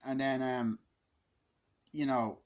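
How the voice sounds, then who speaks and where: A man's voice: mid-range voice, little pitch movement, a little mellow. A man giving a casual, blunt and profane film review, griping about a movie and acting out its scenes. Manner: profane, blunt, acts out scenes in quick put-on voices.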